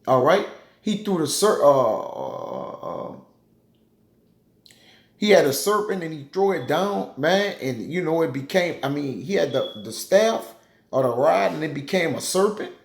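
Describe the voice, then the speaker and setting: A man's voice: fairly high pitch, very animated, unhurried, gravelly. A man teaching scripture in a loose, conversational way, filling his talk with "man" and "you know". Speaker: Bible teacher. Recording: roomy echoey room.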